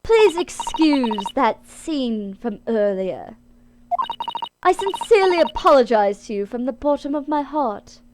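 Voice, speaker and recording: A woman voicing a prim, cutting British lady of high standing, in a put-on British accent and slow, cold, formal politeness. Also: sing-song, noisy background. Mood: cool, cutting.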